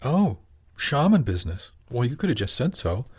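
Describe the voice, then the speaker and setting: A man voicing a gentle, affectionate wife who talks in a warm, reassuring way. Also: mid-range voice, big pitch swings, moderate pace, slightly rough. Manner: warm, reassuring, softly teasing. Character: affectionate wife, middle-aged woman, gentle.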